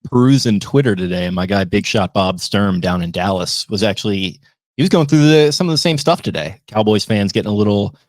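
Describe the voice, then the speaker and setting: A laid-back man chatting on a podcast, hedging and filling his sentences with "like" and "you know". He talks quickly, and the recording sounds dry and close. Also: lowish voice, a little mellow, dry recording. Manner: hesitant, filler-heavy, laid-back. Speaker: podcast co-host. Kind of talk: casual chat.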